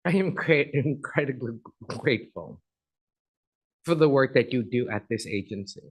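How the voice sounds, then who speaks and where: A man's voice: mid-range voice, lively intonation, normal speed, husky, low-quality recording. A middle-aged man giving a chatty, effusive guest speech at an agency event, then taking audience questions.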